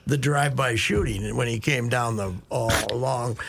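A man's voice: medium pitch, moderate pace, creaky, a bit bright, slightly rough. An older man hosting a casual sports talk show, rambling through anecdotes and laughing often. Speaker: host. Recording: noisy podcast recording.

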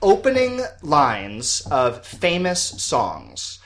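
A man hosting a casual quiz podcast, talking in a lively way and laughing often. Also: on the high side, drawn-out words. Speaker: quiz host.

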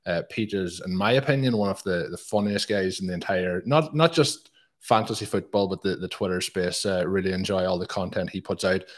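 A man's voice: deep voice, a little fast. A man hosting a podcast, chatting casually and running through promotions. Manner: chatty, promotional, frequent fillers. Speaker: podcast host.

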